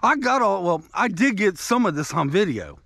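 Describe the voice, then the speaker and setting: A man's voice: sits high, very animated, normal speed, vocal fry, a bit bright, no room sound. A man vlogging outdoors on a country walk, telling a rambling, conversational story to his viewers. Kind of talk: casual storytelling while walking.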